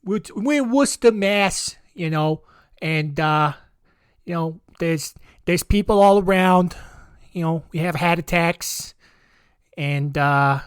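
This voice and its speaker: A man's voice: a little high, slow, clear, resonant tone, dry recording, clean studio sound, pitched above the performer's own voice. Man doing a rambling Boston local. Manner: rambling, repetitive, stumbling. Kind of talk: comic impression on a podcast.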